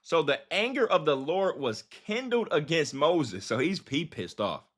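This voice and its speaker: A man leading a casual Bible study livestream, reading scripture and retelling it in animated slang. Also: on the high side, a little slow.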